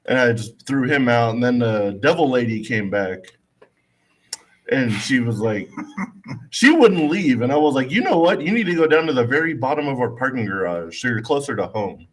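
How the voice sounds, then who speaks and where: A man's voice: mid-range voice, lively intonation, moderate pace. A man telling a casual, laid-back story on a talk show, acting out the people he quotes. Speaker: co-host telling weekly stories.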